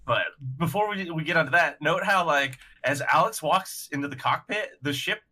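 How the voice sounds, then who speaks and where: A man co-hosting a casual chat, recapping a story with plenty of laughter. His voice is bright and forward and sits a little high. He keeps breaking into acted-out lines from the characters. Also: moderate pace, slightly rough. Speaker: podcast co-host.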